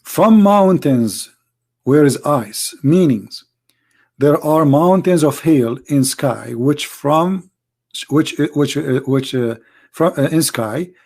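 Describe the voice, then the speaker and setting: A hoarse man hosting a livestream on religion, speaking emphatically in broken English and firing off rhetorical questions. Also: fairly high pitch. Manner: emphatic, rhetorical questions, non-native grammar. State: hoarse, voice nearly gone. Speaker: livestream debate host. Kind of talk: live-streamed religious polemic.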